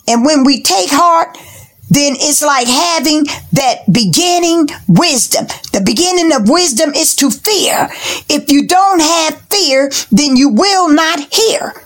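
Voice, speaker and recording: A woman preaching a sermon in a slow, rhythmic style, repeating phrases and sometimes dropping to a hushed, whispery delivery. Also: sits high.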